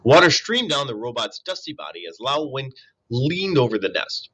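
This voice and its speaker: Man reading a chapter book aloud, very lively pitch, bright tone, occasional self-corrections. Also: moderate pace, poor audio. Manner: expressive read-aloud with small slips and self-corrections. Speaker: storybook reader. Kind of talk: reading a children's novel aloud.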